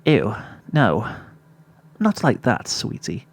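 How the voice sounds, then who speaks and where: A man's voice: mid-range voice, huge pitch swings, takes it slowly, vocal fry, no echo, full character voice. A man reading a fan story, voicing a refined, theatrical adult unicorn mare. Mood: prim. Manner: refined, dramatic, says "darling".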